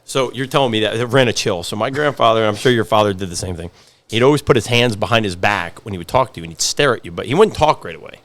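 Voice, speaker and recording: A man's voice: lowish voice, expressive, quick pace, a bit bright. A man in his forties, a podcast guest and pizzeria owner, telling stories in casual chat, repeating phrases for emphasis. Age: 40s.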